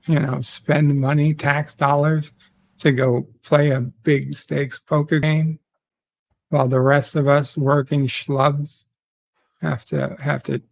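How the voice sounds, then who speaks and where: A man in a casual live-stream chat, deadpan and joking with a mock-sinister edge. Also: fairly high pitch, vocal fry, dry recording.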